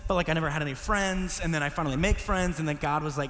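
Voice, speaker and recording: A young man preaching a sermon, telling a personal story, swinging between hushed lows and pleading highs. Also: fast talker, long reverb tail. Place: church hall.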